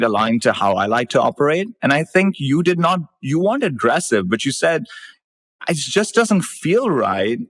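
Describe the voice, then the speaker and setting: Male podcast co-host, blunt and opinionated, conversational, mid-pitch voice. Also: no room sound.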